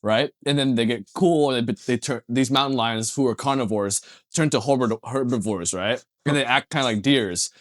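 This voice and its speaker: A young man co-hosting a podcast, explaining an absurd story in a deadpan, mock-serious way. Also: mid-range voice, moderate pace, hardly any pauses, no room sound, studio quality. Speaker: podcast co-host. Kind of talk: casual comedic chat.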